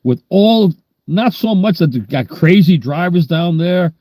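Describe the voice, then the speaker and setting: A man in his sixties speaks with a New York accent, rambling from one story to the next in a down-to-earth way. His voice sits a little high but sounds mellow and relaxed. The recording is dry and close. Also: measured pace, no echo. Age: 60s. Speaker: livestream host. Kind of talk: casual livestream chat.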